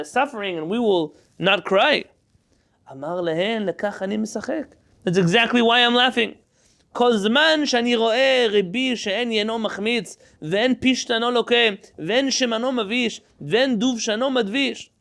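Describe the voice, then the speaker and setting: A man's voice: high-pitched, quick pace, fairly bright tone. A man teaching a Torah class, reading Hebrew text aloud, translating it line by line into English and quizzing his students.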